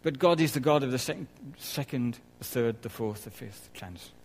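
A man preaching a conversational sermon, with soft laughs and quiet asides. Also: medium pitch, normal speed, a little hiss or hum, rough recording.

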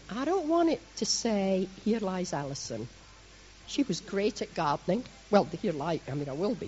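A middle-aged Scottish woman from Scotland giving a lively, chatty sermon to her congregation, with self-mocking asides. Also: fairly low pitch, highs cut off. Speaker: church leader preaching.

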